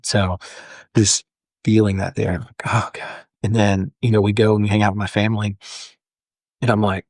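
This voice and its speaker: Young adult male, lower register, dry studio sound; earnest interview guest recounting a story. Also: level tone, moderate pace, darkish tone, no room sound. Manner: earnest, frequent "like" fillers and restarts. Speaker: firefighter guest. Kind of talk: candid storytelling in a podcast interview.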